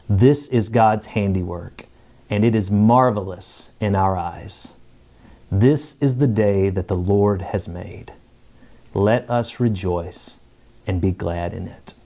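A man with a lower, mellow voice leads a responsive call to worship. He reads slowly and evenly, giving each phrase weight. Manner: slow, measured reading. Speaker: worship leader.

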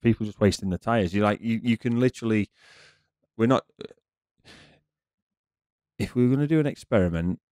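A man's voice: fairly low pitch, normal speed, pauses often, darkish tone, dry recording, studio quality. A man who runs a car repair garage, explaining things earnestly at length as a podcast guest. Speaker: car mechanic and garage owner. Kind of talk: casual chat.

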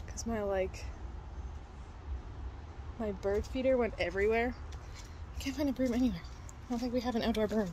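A young woman vlogging in a casual, rambling way, swearing now and then, talking to a phone camera while driving and then outside her home. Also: on the high side. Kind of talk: casual vlog chat. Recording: loud background noise.

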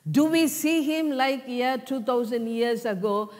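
A woman preaching a sermon in short, deliberate phrases full of rhetorical questions. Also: high-pitched, darkish tone. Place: church. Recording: long reverb of a church hall.

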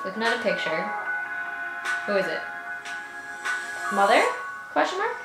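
A woman's voice: medium pitch, very animated, measured pace. A woman reacting to a music video, gushing, giggling and talking to herself. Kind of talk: excitable reaction commentary. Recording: echoey room with music playing. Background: music video playing.

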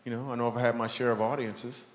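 A man performing a stand-up comedy set, telling animated stories and acting out characters. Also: medium pitch, fast. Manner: animated storytelling, acts out characters. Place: church hall with a live audience. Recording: long hall reverb, audience noise.

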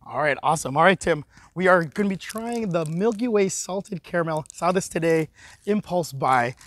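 A man hosts a casual snack review show, upbeat and chatty. His voice sits high. It sounds dry and close. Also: expressive, moderate pace, fairly bright tone, dry recording. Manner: upbeat, chatty, talks with his mouth full. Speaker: host of a snack review series. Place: arena.

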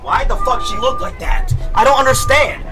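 Excitable high-voiced young man gaming. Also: moderate pace, over music. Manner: loud, excitable, swearing, jokey slang. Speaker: gaming streamer. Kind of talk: live gameplay commentary.

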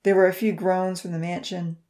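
A woman reading a children's novel aloud in a calm, even storytelling manner. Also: on the low side, fairly quick. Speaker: audiobook narrator. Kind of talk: scripted narration.

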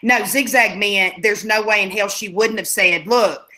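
A woman's voice: mid-range voice, normal speed, bright, forceful tone. A woman co-hosting a casual chat show, blunt and emphatic, swearing freely. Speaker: podcast co-host.

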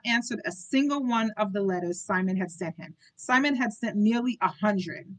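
A woman's voice: mid-range voice, animated, normal speed, rough recording. Woman, young adult, book club host, reading aloud, chatty asides, stumbles. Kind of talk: reading a novel aloud with commentary.

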